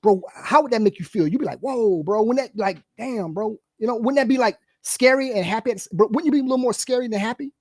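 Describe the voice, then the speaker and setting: A man co-hosting a podcast in casual chat, rambling and animated, full of fillers and repeated "bro,". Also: extremely high pitch, fast, few pauses, no room sound, studio quality. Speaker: podcast co-host.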